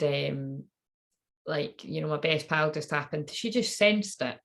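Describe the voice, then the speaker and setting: A woman's voice: low-pitched, measured pace, gravelly, fairly bright tone. A woman in her thirties, a tarot reader, telling a candid personal story in a rambling, swearing way.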